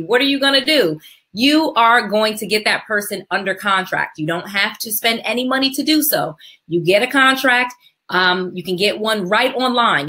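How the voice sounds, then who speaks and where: Bright-voiced woman coaching real estate. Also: mid-range voice. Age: middle-aged. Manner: emphatic, repeats key steps, checks in with "okay?". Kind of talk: live teaching call.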